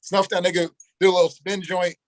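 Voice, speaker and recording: A young man spins a long story as an interview guest, animated and full of street slang, and he acts out every quoted line. His voice sits a little high for a man. The sound is dry and close. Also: brisk, no room sound, poor audio. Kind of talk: casual storytelling.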